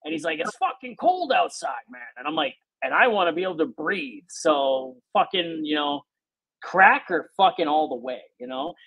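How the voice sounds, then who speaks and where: Gravelly profane man telling oilfield stories. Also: a little high, moderate pace, no echo, low-quality recording. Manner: profane, animated storyteller who acts out quotes. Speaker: podcast host. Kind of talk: casual storytelling chat.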